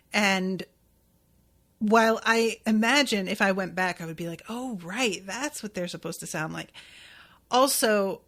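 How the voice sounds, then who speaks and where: A woman's voice: medium pitch, fairly bright tone. A woman hosting a podcast, recapping anime episodes in a chatty, casual way with fillers and some swearing. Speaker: podcast host.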